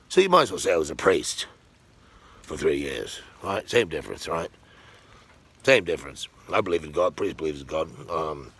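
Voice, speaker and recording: A man in his fifties telling crude, boastful stories in a casual vlog monologue while walking around his home gym. He swings between loud bursts and low mutters. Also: breathy edge. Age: 50s. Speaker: vlogger.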